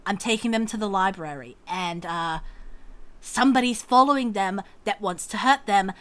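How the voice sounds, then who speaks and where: A woman's voice: medium pitch, expressive, moderate pace, close to an everyday voice. A woman voicing a brusque, urgent man hurrying a group along. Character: hurried young man guiding the group.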